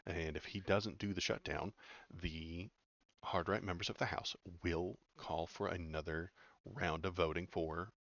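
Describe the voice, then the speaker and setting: A man's voice: deep voice, fairly even intonation, measured pace, creaky, fairly bright tone, muffled recording. A man giving casual, sarcastic political commentary as he reads news aloud, rambling with many fillers.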